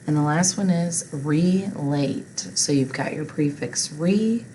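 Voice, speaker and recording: A woman's voice: sits low, slow pace, mellow, slight background noise, low-quality recording. A woman teacher patiently walking learners through a recorded reading lesson step by step.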